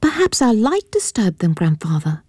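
A woman voicing a young, well-bred girl who is eager and quick to take offence, in a high girlish tone. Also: sing-song, dark tone, breathy edge, no echo, studio quality. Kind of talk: audiobook character voice.

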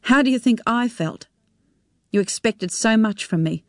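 A woman's voice: on the high side, lively intonation, a little slow, dry recording, studio quality, pitched above the performer's own voice. A woman voicing a resentful teenage son who speaks in curt, bitter retorts. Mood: angry.

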